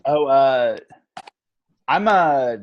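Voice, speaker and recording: A man playing in a tabletop game, talking in a hesitant, halting way. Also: mid-range voice, animated, lo-fi sound, background noise. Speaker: player. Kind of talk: tabletop role-play.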